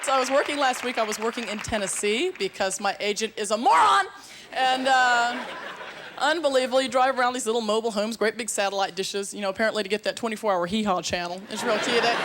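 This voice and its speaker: A woman's voice: a little high, fairly bright tone, slight background noise. Wry, chatty woman doing stand-up. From Georgia, USA. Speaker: stand-up comedian. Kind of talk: stand-up comedy routine.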